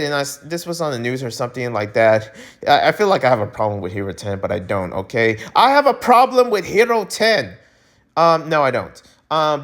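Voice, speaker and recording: A man's voice: sits high, fairly bright tone. A Filipino-American man from the United States ranting animatedly as he hosts a breakdancing news vlog, often restarting sentences and throwing in exclamations. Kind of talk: casual ranting commentary.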